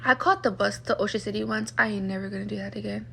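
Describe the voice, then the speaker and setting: A woman's voice: medium pitch, fairly even intonation, fast talker, gravelly, slight background noise. A young woman vlogger talking in a casual storytime rant, exasperated, full of "like", acting out what other people said to her.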